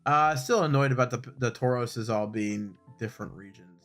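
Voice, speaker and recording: Upbeat male co-host, mid-pitched, runs through event lists, faint music underneath. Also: moderate pace, a bit bright. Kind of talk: casual game news chat.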